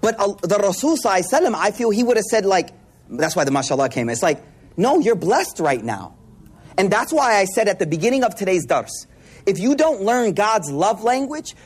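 A man from Buffalo giving a casual Islamic lesson, an animated storyteller mixing slang and Arabic terms. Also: high-pitched, slightly rough. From Buffalo, New York, US. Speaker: Islamic teacher.

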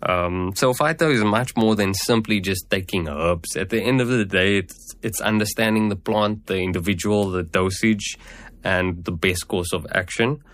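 A man with a very deep voice talks through his answers in a measured, explanatory way, pausing on fillers as he builds each point. He sounds like a practitioner being interviewed, steady rather than showy. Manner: measured, explanatory, many "at the end of the day". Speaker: herbal medicine practitioner guest.

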